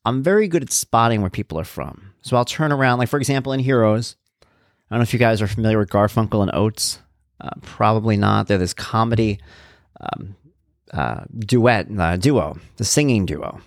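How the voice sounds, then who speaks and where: A man's voice: on the low side, normal speed, no room sound. Casual wry male talker, tangent-prone dad, dry close sound. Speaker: vlogger and father. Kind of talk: casual rambling chat.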